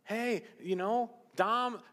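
A man preaching a sermon as pastor, swinging between loud emphasis and hushed asides. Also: high-pitched, steady tone, slow. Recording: long hall reverb.

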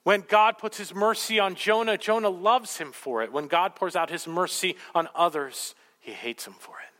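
Emphatic preacher with a bright voice. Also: male voice, high-pitched, moderate pace, long reverb tail. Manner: emphatic, rhetorical, animated storytelling. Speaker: pastor. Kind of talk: sermon.

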